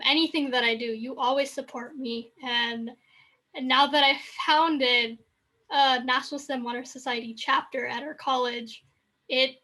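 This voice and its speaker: A woman's voice: high voice, sharp tone. A woman who founded the student club, hosting an online ceremony over a video call, emotional and gushing.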